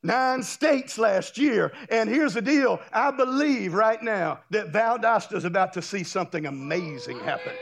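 A man from Florida, a guest pastor, preaching a fiery revival sermon in a church, shouting and folksy. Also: high-pitched, animated, measured pace, creaky, hardly any pauses. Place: church sanctuary.

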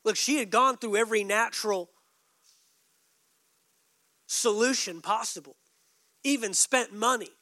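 Pastor guy preaching, really high bright voice, dry close sound, punchy then drops quiet. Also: measured pace, pauses often, dry recording. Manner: emphatic preaching with sudden soft drops and joking asides. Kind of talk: sermon.

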